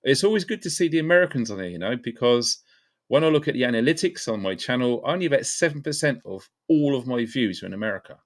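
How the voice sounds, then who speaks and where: A man at a middle pitch hosts a live stream from home in an easy, casual way. He greets each viewer as they come in, upbeat and chatty. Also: expressive, fast talker. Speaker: livestream host.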